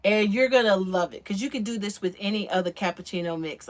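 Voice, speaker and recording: In her home kitchen, a woman vlogger makes a drink while chatting casually with her livestream audience, slightly short of breath. She talks fairly quickly at a medium pitch, with few pauses. The recording carries noticeable background noise.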